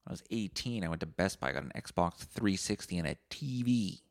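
A man's voice: sits low, animated, fairly quick, dry recording, clean studio sound. A man, hosting a solo podcast and rambling through profane, jokey stories. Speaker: podcast host. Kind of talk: solo comedic podcast monologue.

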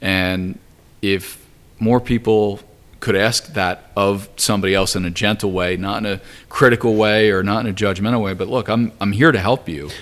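Brief: middle-aged man with a low voice, measured and gentle, gives advice in conversation. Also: steady tone.

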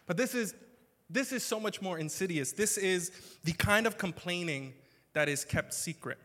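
A male pastor gives a sermon in a church sanctuary. His voice sits somewhat high for a man and moves from an easy, joking delivery into loud, emphatic outbursts. A long reverb from the hall trails after every phrase. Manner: conversational, joking, swings to loud emphatic bursts.

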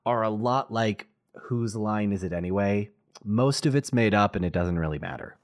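A man's voice: on the low side, moderate pace. A man guesting on a podcast, telling lore and cracking playful jokes in casual chat. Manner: joking, playful storytelling.

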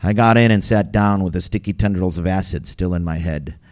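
Low voiced guy reading his own wild memoir, wry and gritty, story podcast vibe. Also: a little fast, a little mellow. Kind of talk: first-person memoir reading.

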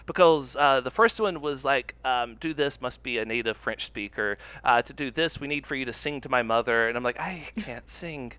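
A man's voice: mid-range voice, a little fast, hardly any pauses, pushed and bright, smooth. A man co-hosting a podcast, telling rambling stories with frequent stammers. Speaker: podcast co-host. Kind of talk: casual chat. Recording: dull, dry lo-fi mic.

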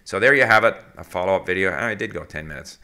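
Bright-voiced man giving a rambling lesson. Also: sits low. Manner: rambling and conversational, with frequent fillers and self-corrections; reads foreign passages slowly and translates word by word. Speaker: language learning video host. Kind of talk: casual spoken lesson.

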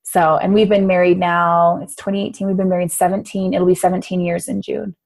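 An American woman in her thirties tells her own life story as a guest in a casual personal interview, speaking briskly in a gravelly voice. She's animated, often acting out her younger self with big jumps in pitch.

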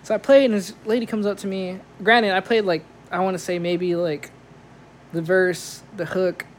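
A man's voice: sits high, fairly even intonation, normal speed, a little hiss or hum. A man who works as a DJ tells a story in slangy, casual talk, saying "like" a lot.

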